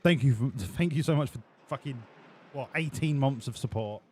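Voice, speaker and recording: A man streaming a racing game live. He riffs sarcastically with his chat, swearing casually. His voice sits at an ordinary middle pitch. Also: normal speed, darkish tone, a little hiss or hum.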